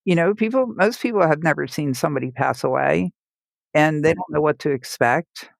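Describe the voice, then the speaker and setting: A woman recounting her hospice nursing stories for a podcast, vivid and expressive, often laughing through the telling. Her voice is recorded close and dry, with no room sound around it. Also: low voice, moderate pace, vocal fry, dry recording. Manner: vivid storyteller who laughs while telling and acts out the people she quotes. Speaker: hospice nurse. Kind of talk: personal storytelling in a podcast interview.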